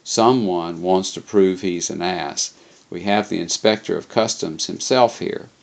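A man voicing an excitable, plump middle-aged shipping agent who talks in effusive exclamations, read from a storybook. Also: sits low, measured pace, creaky. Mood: exasperated.

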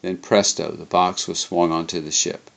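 A man reading a first-person travel memoir aloud, unhurried, with occasional slips and self-corrections. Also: low-pitched, flat delivery, gravelly, fairly bright tone.

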